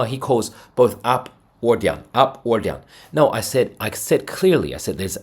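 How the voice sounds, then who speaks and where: A man hosting a crypto trading video, talking casually and energetically over charts with a salesy pitch. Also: husky. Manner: energetic, salesy, lots of "right?" and "boom".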